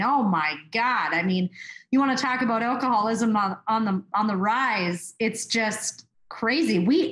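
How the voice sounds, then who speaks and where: A woman's voice: medium pitch, fairly bright tone, echoey room. A woman hosting a podcast interview, talking in an emphatic, chatty way. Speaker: podcast host. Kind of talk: conversational interview.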